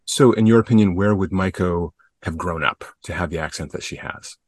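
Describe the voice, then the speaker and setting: A middle-aged man with a very low, deep voice co-hosts a podcast interview. His sound is dry and close, and he keeps his questions friendly and jokey. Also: brisk, dry recording. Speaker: podcast co-host. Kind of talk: casual interview chat.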